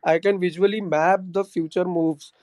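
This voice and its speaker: A man's voice: sits high, steady tone, moderate pace, a little mellow, no echo, studio quality. A man calling in to a live talk and explaining his trading struggles in an earnest, agreeable way. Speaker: caller. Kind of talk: casual chat.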